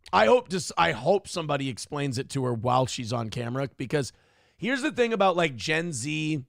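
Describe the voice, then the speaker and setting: A sarcastic, foul-mouthed man hosts a live commentary stream. His voice sits high and carries a gravelly rasp, and the sound is close and dry. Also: a bit bright, dry recording. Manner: sarcastic, profane, mocking. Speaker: show host.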